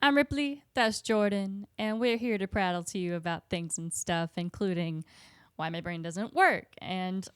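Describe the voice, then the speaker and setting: A woman's voice: lowish voice, steady tone, measured pace, smooth, no room sound, clean studio sound. A woman co-hosting a podcast and plugging her novels, chatting casually in a giggly, scatterbrained way. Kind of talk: casual chat.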